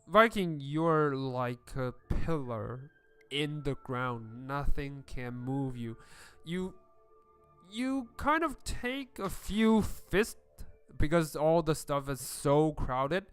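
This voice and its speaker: A man's voice: mid-range voice, a bit bright, smooth. A man narrating a tabletop game as game master, hesitant with many fillers.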